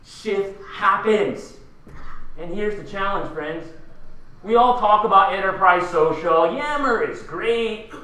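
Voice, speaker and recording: A man's voice: sits high, animated, measured pace, pushed and bright, recorded from a distance, a little hiss or hum. A man from the Philippines giving a punchy conference keynote, firing rhetorical questions at the audience. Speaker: keynote speaker. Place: large conference hall. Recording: echoey hall, voice from afar.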